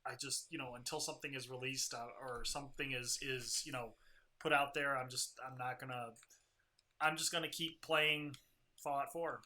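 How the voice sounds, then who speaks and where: A man's voice: mid-range voice, fairly even intonation, normal speed, sharp tone. A man co-hosting a casual gaming podcast, giving rambling, opinionated commentary on game news. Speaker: co-host.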